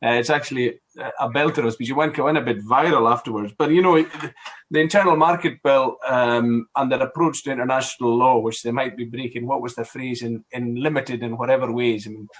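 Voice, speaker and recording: A man's voice: mid-range voice, fairly even intonation, fairly quick. A middle-aged man from Scotland, speaking as a guest MP in a casual political discussion, rambling with many fillers, restarts and wry asides.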